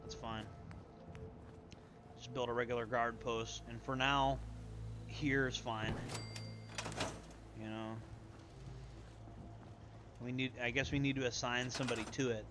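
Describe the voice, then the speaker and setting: A man's voice: medium pitch, level tone, a little slow, long pauses, background noise. A young man streaming a game, rambling and swearing casually as he plays. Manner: rambling, profane, muttering to himself. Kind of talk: casual gameplay commentary.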